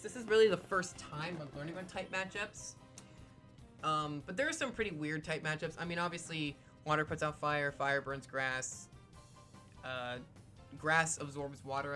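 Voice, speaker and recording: A woman giving casual video game commentary, rambling and cracking sarcastic jokes about what's on screen. Her voice sits very low for a woman, with faint game music underneath. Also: fairly bright tone. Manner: chatty, joking, sarcastic. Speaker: Let's Play host.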